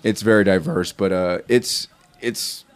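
Halting man recommending a comic. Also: deep voice, fairly even intonation, clean tone. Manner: halting, repeats words while recommending. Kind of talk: casual chat.

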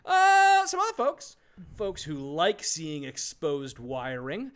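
A man co-hosting a casual podcast chat. His voice sits a touch high and moves widely in pitch. He talks in an animated, joking way and laughs easily. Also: slow, smooth. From St. Louis area. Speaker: podcast co-host.

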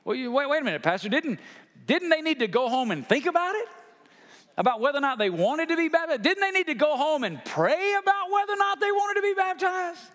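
A man's voice: very high-pitched, big pitch swings, a little fast, fairly bright tone, pitched above the performer's own voice, full character voice. A male pastor voicing a doubting churchgoer who fires incredulous questions back at him. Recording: long hall reverb.

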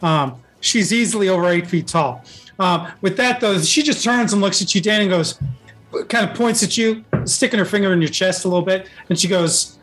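Game master guy, high voice, rambly with lots of ums. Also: moderate pace, fairly bright tone, faint music behind. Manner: rambling, filler-heavy narration. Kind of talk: narrating a tabletop game.

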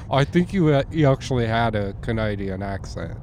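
A man co-hosting a podcast, tossing in short wry prompts and jokes. His voice is fairly low. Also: animated, measured pace, a little mellow, slight background noise. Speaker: podcast co-host. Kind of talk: casual podcast banter.

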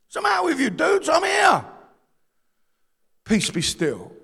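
Chiding, calming Jesus, voiced by a London preacher, high gravelly voice, long hall echo. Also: male voice, a little slow, raised voice, full character voice. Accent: London English. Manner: chiding then soothing. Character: calm, chiding male Jesus. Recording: long reverb of a large hall.

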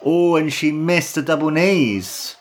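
A young man giving an excited watch-along commentary and review of a wrestling match, gushing and enthusiastic, with lots of fillers. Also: on the high side, takes it slowly.

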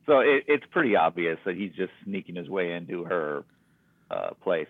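Very deep-voiced man on a tinny line. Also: normal speed, dry recording. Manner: relaxed, storytelling, recapping plot. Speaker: podcast co-host. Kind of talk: casual movie recap chat. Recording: dry, phone-like sound.

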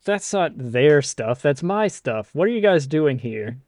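A man voicing a skeletal male scholar in robes, speaking slowly and indignantly with a British accent. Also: a little high, very animated, darkish tone, dry recording. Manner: slow, drawn-out indignant delivery.

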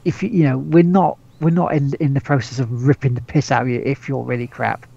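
A man's voice: mid-range voice, fairly even intonation, brisk, gravelly, mellow, breathy edge, lo-fi sound. A man co-hosting a gaming podcast, rambling casually, stumbling over repeated words and swearing freely. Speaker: podcast co-host.

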